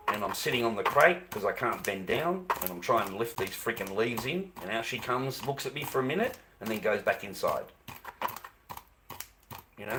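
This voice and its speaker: A middle-aged Australian livestreamer rants to his live chat, exasperated, swearing and repeating himself. His voice is mid-range, and there's noise in the background.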